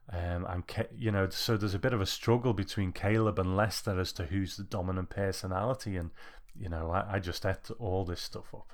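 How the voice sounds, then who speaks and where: A man with a very low, deep voice co-hosts a film podcast. He recaps the plot in a relaxed, rambling way, with plenty of fillers. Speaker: podcast co-host. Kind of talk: casual film review chat.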